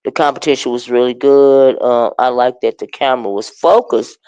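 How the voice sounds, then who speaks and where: A man hosting a casual livestream, chatting about online drama and greeting viewers in the chat with drawn-out exclamations. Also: mid-range voice, fairly even intonation, darkish tone, clean tone, no room sound, dull audio. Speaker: livestream commentary host. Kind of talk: casual livestream gossip commentary.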